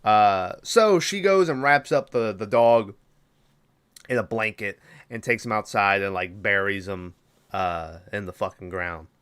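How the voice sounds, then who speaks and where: A man's voice: lowish voice, a little slow, fairly bright tone, clear, resonant tone. A man hosting a podcast, recapping a movie in a rambling, profane, casual way and doubling back when he forgets things. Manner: rambling, profane, loses track and backtracks. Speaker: podcast host.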